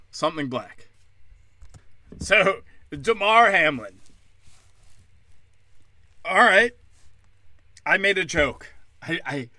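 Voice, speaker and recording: A man's voice: on the high side, sharp tone, no echo. A young man ranting in a combative, sarcastic monologue, cursing and mocking his critics. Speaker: comedian.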